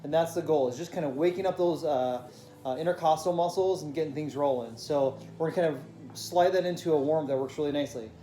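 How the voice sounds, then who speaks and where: A man teaching a vocal warm-up lesson, explaining breathing and demonstrating humming exercises with a piano. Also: a little high, brisk. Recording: echoey room with piano.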